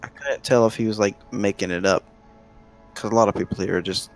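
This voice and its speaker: A man streaming a game, chatting casually and giving relaxed hardware advice, swearing now and then. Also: lowish voice, a little fast, soft background music.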